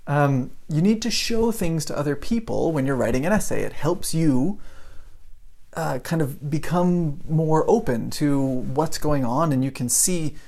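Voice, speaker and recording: A man in his forties teaching English in a relaxed live stream. He talks in a chatty storytelling way and keeps checking in with listeners. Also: fairly high pitch, measured pace, vocal fry. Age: 40s. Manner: chatty storytelling, often asks "right?". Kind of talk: live-streamed lesson, greeting viewers.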